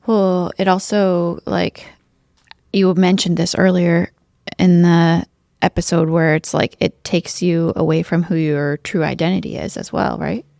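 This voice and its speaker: Gravelly-voiced podcast host, dry sound. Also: medium pitch, little pitch movement, unhurried, a little mellow, dry recording. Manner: frequent short backchannel affirmations. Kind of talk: casual podcast conversation.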